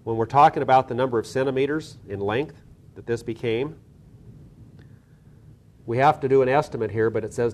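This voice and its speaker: A man's voice: mid-range voice, a little fast, a little mellow. A man teaching soil science, talking methodically through a hands-on lab demonstration with small restarts.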